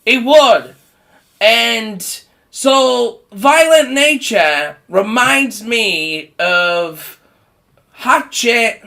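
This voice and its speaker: A man delivers a profane, rambling rant in a bright, forceful voice. He talks at an unhurried pace, laughs often between his points, and mocks other people in put-on voices. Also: extremely high pitch, vocal fry. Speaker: horror movie vlogger.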